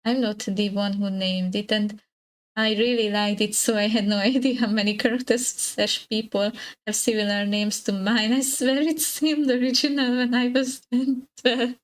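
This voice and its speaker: A young adult woman, a native Hungarian speaker, chatting casually on a live stream, giggly and hesitant with many fillers and restarts, her voice slightly husky. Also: fairly high pitch, fairly even intonation, moderate pace, low-quality recording.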